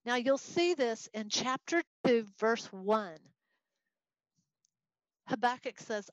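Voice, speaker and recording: Expressive woman teaching Bible study. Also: fairly high pitch, takes it slowly, pauses often, dry recording, lo-fi sound. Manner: expressive, conversational, reads scripture aloud.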